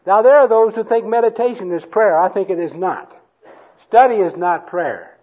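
A man preaching a sermon to a congregation, slow and emphatic, having them repeat lines after him. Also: sits high, phone-quality sound. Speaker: pastor. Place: church hall before a congregation.

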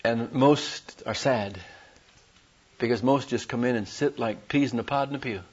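A man preaching a sermon as a traveling evangelist, telling animated stories with folksy humor. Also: medium pitch, normal speed, husky. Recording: dull lo-fi recording.

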